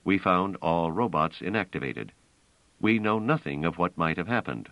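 A man reading a careful, slow-speaking spaceman. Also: low-pitched, lively intonation, no echo. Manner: slow and distinct. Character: foreign space traveller, man, careful and evasive. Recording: dull lo-fi dry recording.

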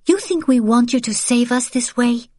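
A woman voicing a bitter, grieving girl of almost fourteen who speaks in a sharp, accusing, cynical way. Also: on the high side, normal speed, dry recording, studio quality, voice pushed up, close to an everyday voice.

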